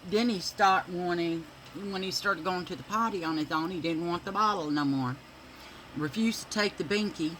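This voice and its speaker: A woman's voice: on the low side, normal speed, fairly bright tone, a little hiss or hum, poor audio. A woman telling rambling stories while doing her makeup at home. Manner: chatty, rambling, with many fillers. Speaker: makeup vlogger.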